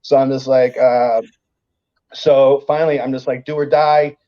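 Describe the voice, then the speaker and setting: At a measured pace, a comedian guest with a mid-range voice recounts a story through dull-sounding audio. The talk is casual and profane, and he animatedly voices the characters himself.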